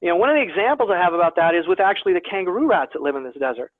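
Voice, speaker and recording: A man with a high voice gives a guest lecture on desert plants over a video call. He talks in a chatty way, often repeats himself, and jokes at his own expense. The audio is tinny and phone-like, with a dry sound and no room echo. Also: lively intonation, very fast. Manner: chatty, self-deprecating humor, repeats words. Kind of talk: online lecture to a naturalist club.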